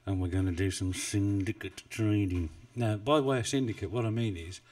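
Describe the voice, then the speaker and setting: Rambling man, low voice, distant mic. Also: moderate pace, darkish tone. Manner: chatty, rambling, self-deprecating, chuckles often. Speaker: forex trading live streamer. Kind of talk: casual live-stream chat. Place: home desk in the UK. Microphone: desk mic, not well placed.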